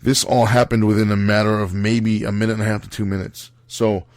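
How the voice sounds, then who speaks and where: A man's voice: fairly low pitch, level tone, a little fast, a little mellow, no room sound. A young man hosting a podcast, telling a road story in a casual, rambling monologue. He talks bluntly, swears freely and keeps correcting himself with lots of fillers. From Italian-American background. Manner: blunt and profane.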